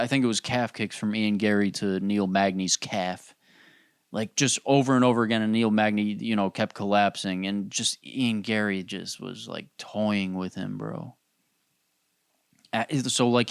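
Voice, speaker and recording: A man's voice: medium pitch, dry recording. Man, podcast host, casual profane rant, rambling, dry close-miked sound. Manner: profane, rambling, lots of filler words like dude and bro.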